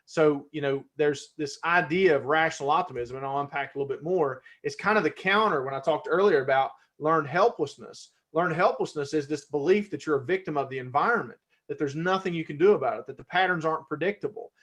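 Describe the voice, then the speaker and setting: Animated man giving a workshop talk. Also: a little high, brisk, hardly any pauses. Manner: conversational, self-correcting, gets fired up. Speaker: presenter. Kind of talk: live-streamed workshop talk.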